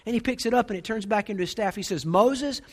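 A man's voice: high-pitched, racing, breathy edge. A man preaching a sermon in an emphatic, rousing way with rhythmic repetition.

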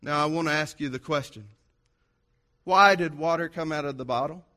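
A male pastor with a fairly high speaking voice delivers a sermon. He stacks short, repeated phrases into rhythmic lists and lifts into a sing-song cadence on the words he stresses. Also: normal speed, sharp tone. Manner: emphatic, repetitive, rhythmic lists.

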